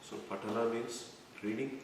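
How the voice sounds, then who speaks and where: A man's voice: medium pitch, fairly even intonation, normal speed, background noise. A man giving a devotional scripture lecture, explaining terms one by one and quizzing his listeners. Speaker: scripture class teacher. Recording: echoey room, mic far off.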